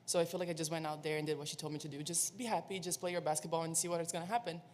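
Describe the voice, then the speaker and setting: A young woman basketball player answering questions at a postgame press conference, soft-spoken and halting, with restarts. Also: deep voice, fairly even intonation. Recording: long reverb with faint room noise.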